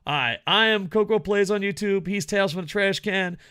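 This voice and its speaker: A man's voice: sits high, fairly quick, sharp tone, clear, resonant tone. A man co-hosting a podcast, bantering casually and often breaking into laughter. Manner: giggly, playful, breaks into laughter. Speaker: podcast co-host. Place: Japan.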